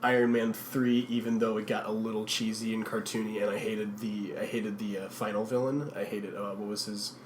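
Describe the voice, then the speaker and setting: A man's voice: fairly low pitch, flat delivery, brisk, hardly any pauses, slight background noise. A man co-hosting a podcast in casual chat, rambling and searching for his words. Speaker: podcast co-host. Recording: roomy echoey recording.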